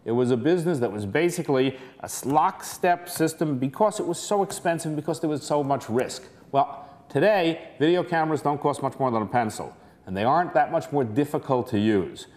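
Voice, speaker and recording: A man's voice: a little high, expressive, fairly quick, darkish tone. A man presenting a lecture as an earnest, persuasive, conversational story.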